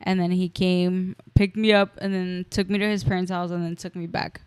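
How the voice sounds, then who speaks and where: A woman's voice: on the low side, little pitch movement, moderate pace, darkish tone, smooth, dry recording. A young woman co-hosting a casual podcast, chiming in and telling her side of the story. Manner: chiming in with short agreements. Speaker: podcast co-host. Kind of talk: casual chat.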